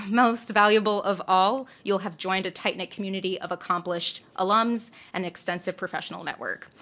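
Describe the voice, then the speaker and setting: A woman's voice: mid-range voice, sharp tone. A woman introducing a graduate journalism program at an open house, reading a prepared talk with frequent "um" fillers in an upbeat promotional tone. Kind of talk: scripted presentation with fillers.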